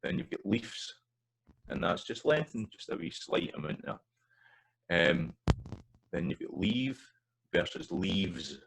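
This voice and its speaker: A man's voice: sits low, sing-song, unhurried, gravelly, long pauses, background noise. A man with a Scottish accent teaching pronunciation over slides, repeating vowel examples with loose, hesitant asides. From Scotland. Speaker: language teacher. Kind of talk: recorded slide lesson on pronunciation.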